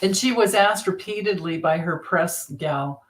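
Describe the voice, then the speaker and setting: A woman's voice: fairly low pitch, unhurried. A woman hosting a casual livestream of tarot readings, chatty and rambling, laughing often. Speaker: tarot reader and host.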